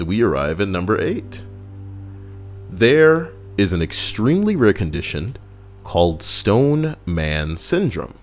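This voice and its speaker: A man giving casual, crude and rambling gameplay commentary, reading out a list while he plays and cracking jokes. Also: on the low side. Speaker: gaming YouTuber. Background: faint background music.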